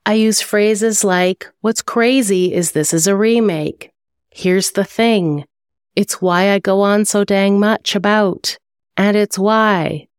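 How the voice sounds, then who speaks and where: Woman going through her own email copy, lowish voice, upbeat teacher vibe, dead dry sound. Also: dry recording. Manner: upbeat and instructive. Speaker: podcast host and email copywriter. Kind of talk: reading aloud and explaining an email.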